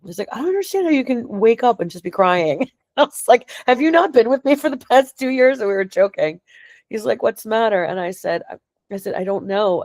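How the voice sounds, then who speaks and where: A middle-aged woman talks in a loose, rambling way, emotional and quick to laugh. Her voice sits low for a woman. The sound is dry and close. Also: darkish tone, no echo. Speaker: client getting a reading. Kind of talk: casual conversation.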